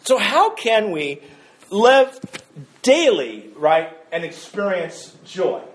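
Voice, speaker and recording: Male pastor, high voice, sermon, casual joking delivery, repeats words, echoey church room. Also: sing-song, slow. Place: church sanctuary.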